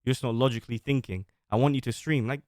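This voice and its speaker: A man's voice: mid-range voice, fairly even intonation, quick pace, a little mellow, no echo, clean studio sound. A man streaming live, reading out text messages and commenting on them in a blunt, casual way with plenty of swearing. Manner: casual, blunt, swears freely, thinks aloud.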